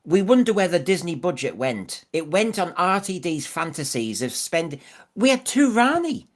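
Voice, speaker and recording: A man's voice: high-pitched, very animated, normal speed. A man co-hosting a podcast, opinionated and fond of rhetorical questions in casual discussion. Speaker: podcast co-host.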